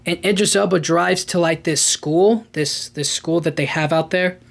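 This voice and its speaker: A man's voice: on the high side, normal speed, gravelly, fairly bright tone. A man hosting a podcast, recapping a film in a casual, rambling way with lots of fillers and restarts. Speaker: podcast host.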